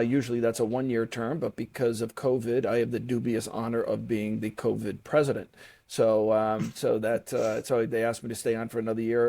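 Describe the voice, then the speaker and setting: A man's voice: mid-range voice, creaky, warm tone. A middle-aged man speaking as an interview guest, friendly and self-deprecating. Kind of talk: casual interview chat.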